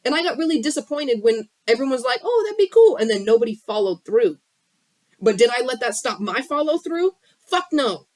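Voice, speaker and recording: A bit high-voiced and expressive, the woman talks briskly as she live-streams from her bedroom. The spiritual coach's phone captures a dry sound while she delivers a passionate, no-nonsense, profanity-laced pep talk about healing.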